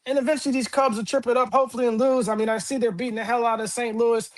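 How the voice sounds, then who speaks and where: A man's voice: extremely high pitch, flat delivery, very fast. A man with a Milwaukee accent co-hosting a casual sports show, slangy, jokey and laid-back. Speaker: podcast co-host.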